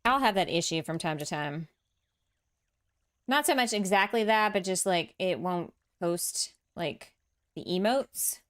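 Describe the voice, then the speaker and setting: Over soft game music, a woman builds in a farming game and chats with her stream, reading viewer comments aloud and answering them. She laughs a lot and pokes fun at herself, her fairly low voice lively in intonation but measured in pace.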